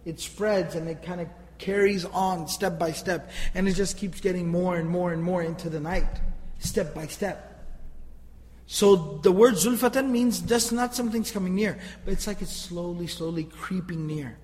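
A man's voice: sits high, fairly even intonation, moderate pace, a little mellow, long reverb tail, poor audio. A man teaching Quranic grammar, emphatic and asking rhetorical questions, often repeating himself. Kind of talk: explaining Quranic grammar to listeners.

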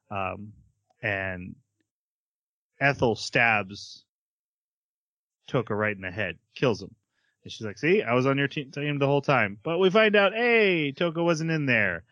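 A chatty male podcast host who breezes through a story recap, laughing and tossing in quick character voices. His voice sits in a middle pitch. The sound is dry and a little dull, like a basic home setup. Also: pushed and bright, no echo. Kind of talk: casual chat recapping an anime episode.

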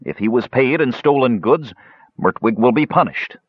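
A man's voice: medium pitch, expressive, moderate pace, breathy edge, dry recording, voice pushed up. A man doing a commanding, formal healer. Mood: decisive. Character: authoritative male healer, calm and decisive. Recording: dull, dry lo-fi audiobook recording.

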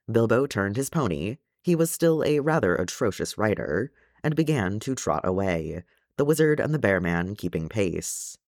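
A man narrating a fan fiction audiobook in a measured, gentle storytelling way. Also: fairly low pitch, no echo, clean studio sound. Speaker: audiobook reader.

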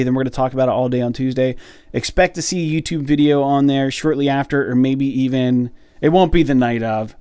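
A man's voice: medium pitch, clear, resonant tone, no room sound. A man co-hosting a casual podcast, talking loosely with lots of fillers about his band. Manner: relaxed, rambling with many fillers. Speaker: podcast co-host and musician.

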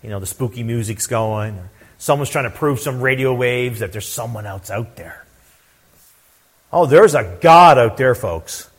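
A middle-aged man preaching a sermon, repeating his words and swelling to loud, emphatic declarations. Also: mid-range voice, lively intonation, unhurried, breathy edge. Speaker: pastor.

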